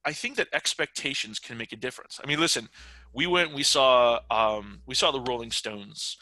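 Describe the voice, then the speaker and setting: A middle-aged man chatting as a podcast guest. His voice is very bright and forceful, and it is recorded dry and close. He rambles, with plenty of fillers and restarts. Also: mid-range voice, moderate pace, dry recording, low-quality recording. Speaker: podcast guest, writer and game developer. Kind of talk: casual interview chat.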